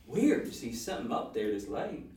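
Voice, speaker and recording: An actor playing a crude, offhand male ranger sidekick with deadpan delivery. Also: mid-range voice, moderate pace. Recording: roomy, distant-mic recording.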